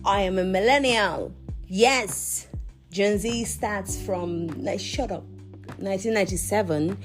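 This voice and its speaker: Hosting a podcast over music, a woman recounts a confessional story at a measured pace in a mid-range voice. She's animated and chatty, often laughing and talking to herself in asides.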